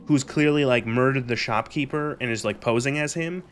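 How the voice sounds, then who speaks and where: A young man streamer recapping a show in a casual, exasperated rant, animated and swearing freely. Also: medium pitch, normal speed, clear, resonant tone.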